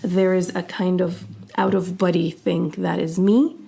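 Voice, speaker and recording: A woman co-hosting a podcast in casual conversational discussion, talking quickly and thoughtfully with frequent restarts. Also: lowish voice, flat delivery, creaky, dark tone. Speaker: podcast co-host.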